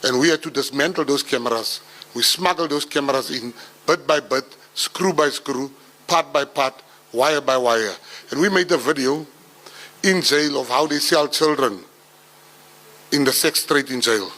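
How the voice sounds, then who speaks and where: A middle-aged South African man telling his life story to an audience with an animated, comic delivery. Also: medium pitch, normal speed. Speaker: public speaker. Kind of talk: storytelling talk.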